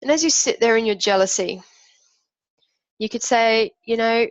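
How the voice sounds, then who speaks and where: A woman's voice: fairly high pitch, animated, normal speed, dry recording, highs cut off. A woman teaching an emotional technique, talking through imagined inner voices in an earnest, reflective way. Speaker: emotional wellbeing coach.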